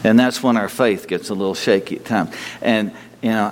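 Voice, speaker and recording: A man's voice: lowish voice, brisk, slight background noise. A man preaching a sermon in a conversational, folksy way that rises into bursts of exhortation, recorded in a church sanctuary. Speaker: pastor. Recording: long reverb of a church hall.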